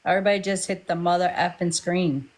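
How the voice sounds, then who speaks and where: A woman's voice: on the low side, fairly even intonation, fast talker. A woman hosting a live stream as a psychic medium, chatty and playful, teasing her guests in casual chat.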